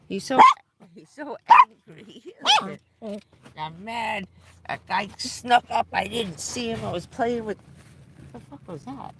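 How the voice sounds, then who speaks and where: A woman live-streaming casual chat from inside her parked van at night, blunt and quick to swear, alternately scolding and soothing her dog. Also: a little high, sing-song, noisy background. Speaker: livestreaming van dweller.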